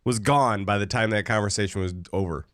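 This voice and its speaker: A man's voice: fairly low pitch, fairly quick, a bit bright, no room sound. A man co-hosting a podcast, making teasing, dry comments in casual chat. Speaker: podcast co-host.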